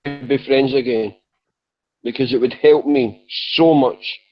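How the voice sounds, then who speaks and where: A man's voice: mid-range voice, steady tone, unhurried, soft background music. A man talking in an online voice chat, rambling and apologetic, repeating himself, woozy and drowsy from medication. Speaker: chat room panelist. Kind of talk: emotional voice chat. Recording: dull lo-fi voice chat audio.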